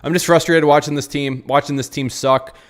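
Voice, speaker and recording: Here a frustrated American man hosting a football channel gives a live post-match reaction, reading and answering chat as he rambles and repeats phrases. His voice is fairly high with fairly even intonation, and he talks a little fast.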